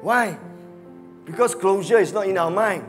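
A man with a Malaysian English accent preaching a sermon as pastor, animated, dropping to muttered asides and acting out quoted voices. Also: high-pitched, normal speed, faint music behind. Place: church.

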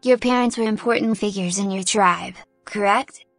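A woman's voice: medium pitch, moderate pace, no echo, faint music behind, lightly acted. A woman voicing a no-nonsense adventurer mare. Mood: businesslike. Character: practical, confident adventurer mare.

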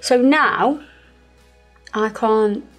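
Soft music plays as a woman speaks on the high side and very slowly. She hosts a channel as a nail technician, and in her English Midlands accent with a slight lisp she chats away, describing each step of the nail tutorial while working.

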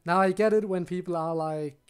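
Streaming a game, this young man rambles casually to his audience, often starting sentences over and replying to chat questions. His voice sits high and sounds smooth and steady, moving at a fairly quick pace.

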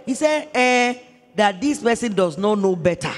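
A woman's voice: mid-range voice, lively intonation, moderate pace, in a large hall. A woman pastor with a Nigerian accent telling a story in a sermon, repeating phrases for emphasis.

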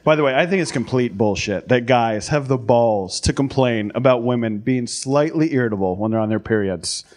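A man doing a crude, brash stand-up comedy set on a club stage, shouting out the voices he acts out. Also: medium pitch, moderate pace, few pauses. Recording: live club recording, crowd laughter.

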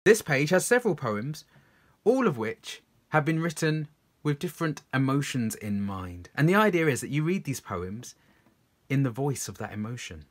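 A man's voice: medium pitch, sing-song, normal speed. A man, a children's poet, reading his poems aloud and encouraging young listeners to join in.

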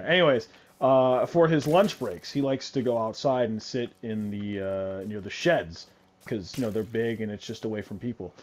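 A young man in a relaxed gaming chat, his voice swinging up and down with lively energy. He rambles, repeats himself and swears offhand, with a faint hiss and clicks behind him. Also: medium pitch. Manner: animated, rambling, repeats words, swears casually. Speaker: gamer co-player.

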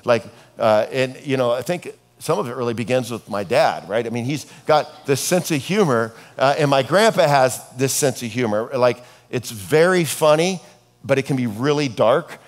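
A middle-aged man preaching a sermon as a pastor, talking in a casual, conversational way and telling stories with dark humor. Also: mid-range voice. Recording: long reverb of a hall.

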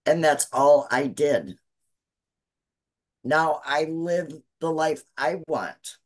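A woman's voice: low voice, animated, drawn-out words. A woman in her sixties on a video call, giving an earnest, teary testimonial and urging listeners to follow along. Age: 60s. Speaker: guest student sharing success story. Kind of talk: emotional testimonial on a live call.

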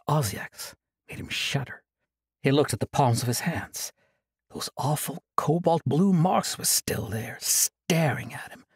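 A man narrating a fantasy audiobook in an expressive, dramatic storytelling manner, close to the microphone. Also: medium pitch, gravelly, breathy edge, no room sound.

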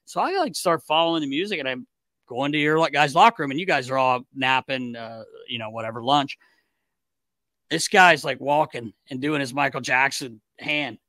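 A man hosting a podcast, telling a locker-room story in an animated, casual way with restarts and swearing. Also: mid-range voice, normal speed, no echo, studio quality. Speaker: podcast host and former hockey player.

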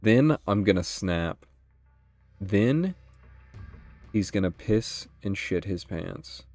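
A young man with a deep, low voice talks through a card game as he plays, thinking aloud and swearing freely when things go wrong. Soft music plays faintly underneath. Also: expressive, takes it slowly. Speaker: gaming channel host. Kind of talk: live gameplay commentary.

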